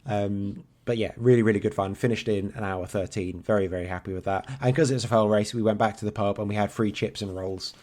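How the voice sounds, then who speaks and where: Male co-host, 30s, lowish voice, talks fast, rambling and sweary. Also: fairly even intonation, a little mellow. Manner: swears freely, chatty and rambling. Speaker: podcast co-host. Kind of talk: casual chat.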